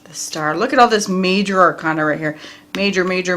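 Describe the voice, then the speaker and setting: A woman's voice: fairly low pitch, brisk, fairly bright tone, a little hiss or hum. A woman reading tarot cards for viewers in a casual, chatty way, talking straight to them and laughing often. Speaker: tarot reader.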